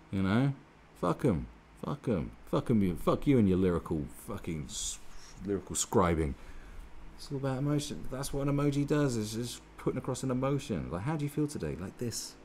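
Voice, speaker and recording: A man's voice: on the low side, darkish tone, slight background noise. A man giving heated, sarcastic commentary on a newspaper column, swearing often as he rants. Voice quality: profane, sarcastic, heated ranting. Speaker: online commentator.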